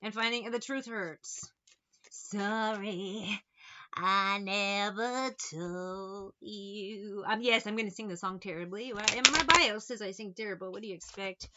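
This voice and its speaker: A woman's voice: mid-range voice, fairly quick, few pauses, pushed and bright, lo-fi sound. A woman giving a casual tarot reading, blunt and sarcastic, swearing freely as she talks through the cards. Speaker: tarot reader.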